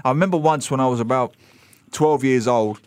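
A man telling jokey, animated stories as a guest in a casual radio studio chat. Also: medium pitch, brisk, smooth, no room sound. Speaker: guest commentator.

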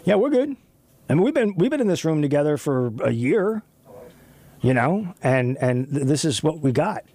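A man hosting a talk radio show, chatting loosely with a co-host, animated and rambling with frequent restarts. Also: fairly high pitch, normal speed. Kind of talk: casual talk radio chat. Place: radio studio. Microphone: studio microphone.

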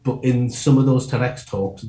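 A man talking as a comedian guest in a casual interview, quick and rambling, often breaking off and restarting his sentences. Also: mid-range voice, steady tone, warm tone, reverberant.

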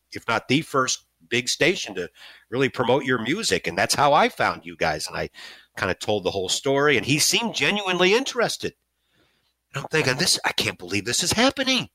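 A middle-aged man from the St. Louis area, telling a personal story in a casual, animated, self-mocking way. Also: brisk, no room sound. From St. Louis area, USA. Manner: animated, self-mocking, jumps high when excited.

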